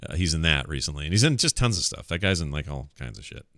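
Deep-voiced, bright-toned podcast host. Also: male voice, big pitch swings, fast talker, no room sound, clean studio sound. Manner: loose, joking, rambling. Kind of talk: casual movie commentary.

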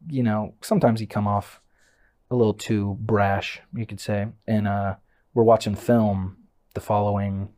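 Mellow-voiced young man, quick and matter-of-fact. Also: lowish voice. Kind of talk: casual chat.

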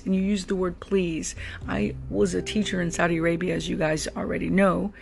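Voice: mid-range voice, level tone, brisk, gravelly. A rideshare driver talking through a casual, reflective monologue, often repeating words while searching for the next thought. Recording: guitar music playing under the voice. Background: guitar music.

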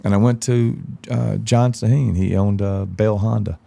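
Gravelly deep-voiced man. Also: steady tone, normal speed, mellow. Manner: profane, blunt, acts out quoted dialogue. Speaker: podcast guest, country singer. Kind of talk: casual storytelling chat.

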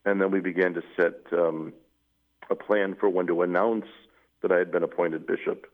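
A middle-aged man, a newly appointed Catholic bishop, telling his story at length in a measured way, with fillers. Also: deep voice, steady tone. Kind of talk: interview storytelling. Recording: tinny phone-like radio audio.

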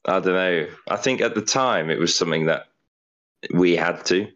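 A man's voice: sits low, normal speed, a bit bright, muffled recording. A man in his twenties co-hosting a podcast in casual chat, rambling and repeating words as he thinks. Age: 20s. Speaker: podcast co-host.

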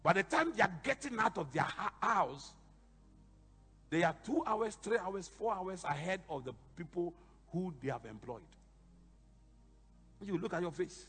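A man preaching a sermon with a husky, high voice that leaps up and down, breaking into shouts for emphasis. His words ring through a long church-hall reverb over faint background music. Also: measured pace, long pauses. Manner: animated storytelling, sudden shouted emphasis. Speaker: bishop preaching.

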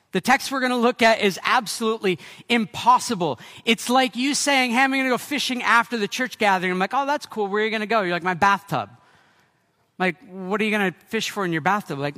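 Bright, high-voiced male preacher. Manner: energetic, excitable, with restarts and playful asides. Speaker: pastor. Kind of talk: sermon. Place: church gathering room.

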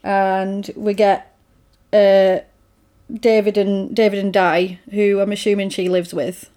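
A woman in easy conversation, retelling a film scene by scene. Her pitch sits in a middling range, and she slips into quoted lines with lively energy before dropping back to plain chat. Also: slow pace. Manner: animated retelling, acting out quoted lines with laughs. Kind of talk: casual film recap chat.

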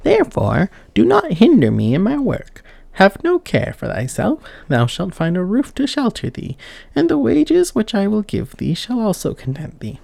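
A man voicing a stern old wise woman in a fairy tale, speaking slowly in a measured, archaic way. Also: sits high, wildly swooping pitch, creaky, darkish tone, no echo, pitched above the performer's own voice, full character voice.

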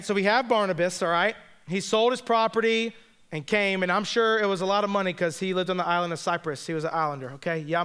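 A man's voice: high-pitched, pushed and bright, clear, resonant tone. A man preaching a sermon in a conversational, joking way, speaking straight to the congregation. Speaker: pastor.

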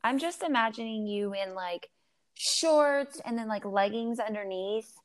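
A woman's voice: on the high side, animated, unhurried. A woman in her forties co-hosting a podcast, playful and teasing, slipping into silly voices. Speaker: podcast co-host. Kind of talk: casual chat.

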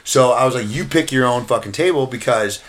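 A man co-hosting a podcast, telling a wrestling backstage story in a casual, profane, animated way that often breaks into laughter. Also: medium pitch, a little fast. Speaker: podcast co-host and wrestling event booker.

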